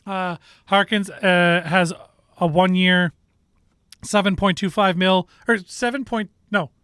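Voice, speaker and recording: A man's voice: high voice, steady tone, takes it slowly, a bit bright, clear, resonant tone, dry recording, clean studio sound. A man with a Canadian accent co-hosting a sports show, talking casually and rambling with restarts and strong opinions.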